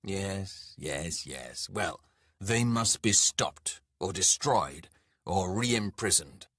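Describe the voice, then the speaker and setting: A man growling as loud, scornful dwarf lords. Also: sits low, expressive, drawn-out words, no echo, clean studio sound, full character voice. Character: brutish gruff male dwarf lords, impatient and contemptuous. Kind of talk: audiobook character voice.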